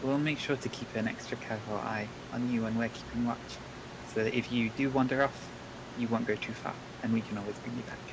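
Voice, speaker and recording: Calm man playing a game character. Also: medium pitch, a little fast. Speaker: player. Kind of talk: in-character tabletop play. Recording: clear background noise.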